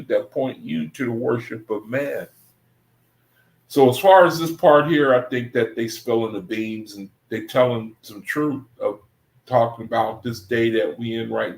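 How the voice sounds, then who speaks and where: A man with a mid-range, reverberant voice gives an informal Bible study talk, teaching scripture in a loose, conversational monologue. He often circles back and repeats himself.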